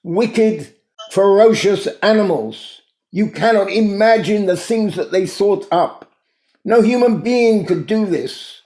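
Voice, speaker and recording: A man's voice: high voice, takes it slowly, a little mellow. A man voicing a grieving camp survivor who speaks with anguish and bitterness. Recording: roomy echo.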